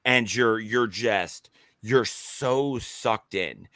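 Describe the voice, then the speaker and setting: A man co-hosting a podcast, talking excitedly in casual chat with many restarts and halting phrases. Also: fairly low pitch, dry recording, clean studio sound. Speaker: podcast co-host.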